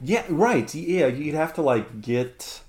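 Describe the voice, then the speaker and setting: A man's voice: a little high, very animated, darkish tone. Rambling man on a podcast. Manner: rambling, halting, many fillers and restarts, laughs often. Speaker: podcast co-host. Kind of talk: casual chat.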